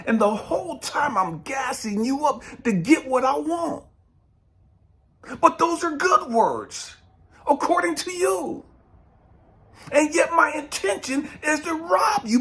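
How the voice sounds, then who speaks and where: Blunt preachy man, lively pitch. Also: a little slow. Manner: preachy and blunt, swings between loud and hushed. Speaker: spiritual coach. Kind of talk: motivational talk.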